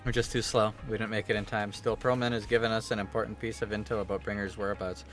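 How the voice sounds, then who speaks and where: A man reading game dialogue aloud as a composed female special-unit officer, flat and matter-of-fact. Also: on the low side, quick pace, soft background music, lightly acted. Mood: calm report.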